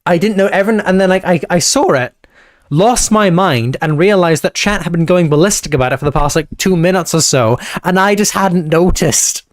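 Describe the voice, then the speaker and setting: A young man streams live with a high, fairly quick voice on a dry recording, chatting loosely with his viewers. He rambles, keeps cutting himself off mid-sentence, and warmly thanks his chat, all while gripping a handheld mic awkwardly.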